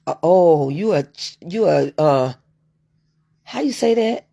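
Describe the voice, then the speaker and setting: A woman hosts a casual live stream, chatting straight at her viewers and answering them by name. Her voice sits low, with a gravelly rasp and a husky, breathy edge. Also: animated, slow, mellow. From United States. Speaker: livestream host reading viewer comments.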